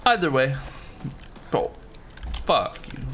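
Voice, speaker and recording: A male livestreamer talks through his game in a relaxed, joking way, dropping swears and answering chat. His voice is bright and sharp, with a pitch that swings widely. Faint keyboard typing sits quietly behind him. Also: drawn-out words, long pauses, a little hiss or hum. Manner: loose, swears freely, jokey asides. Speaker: gaming livestreamer. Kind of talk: casual live game commentary, reading chat.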